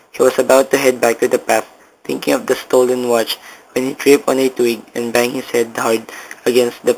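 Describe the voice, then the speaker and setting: A young man reading a story aloud as a school project, haltingly, with small stumbles and restarts. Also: medium pitch, gravelly, a little hiss or hum, poor audio. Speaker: student reader.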